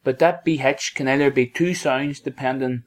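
A man co-hosting a language podcast, echoing phrases back and explaining them for listeners in a relaxed way. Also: medium pitch, normal speed. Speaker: co-host. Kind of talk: casual podcast lesson chat.

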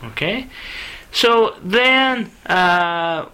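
A man's voice: high voice, expressive, extremely slow, pushed and bright, smooth, poor audio. A man hosting a language lesson, asking his co-teacher questions and repeating phrases back. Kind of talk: casual teaching dialogue.

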